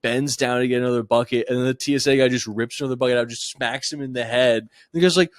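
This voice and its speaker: A man's voice: medium pitch, steady tone, quick pace, no echo, clean studio sound. A man co-hosting a casual late-night podcast, telling rambling stories with lots of fillers. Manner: laid-back, rambling storyteller with frequent fillers. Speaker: podcast co-host.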